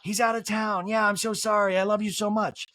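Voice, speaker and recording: A woman's voice: medium pitch, level tone, fairly quick, fairly bright tone, no room sound, clean studio sound, pitched above the performer's own voice, natural voice. A woman doing a light impression of an earnest reality-show star, chirpy and a touch defensive.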